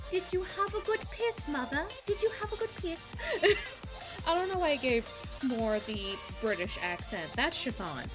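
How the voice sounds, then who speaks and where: A young woman chatting casually as a stream host, bubbly and giggly, swearing freely. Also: sits high. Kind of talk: casual chat.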